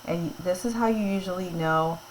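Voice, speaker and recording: A woman teacher talks her class through a grammar lesson, slowly and patiently, checking in with them after each point. Her voice sits a little low, with a faint hum in the background. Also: low-quality recording. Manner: patient, explains step by step and checks in with "okay?".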